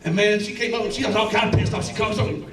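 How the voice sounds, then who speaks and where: A man's voice: high-pitched, fairly even intonation, rapid-fire, crowd noise. Rambling Southern man on a comedy stage. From Alabama and Tennessee. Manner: rambling, stammering restarts, swearing, chuckles through lines. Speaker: stand-up comedian. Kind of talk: stand-up set. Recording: roomy club sound, from a distance.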